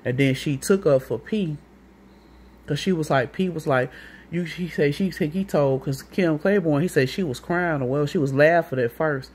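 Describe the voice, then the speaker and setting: A woman's voice: low-pitched, normal speed, a little mellow, slightly rough. A woman with a St. telling a long, rambling, profane story in a casual monologue, acting out what other people said. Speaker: vlogger.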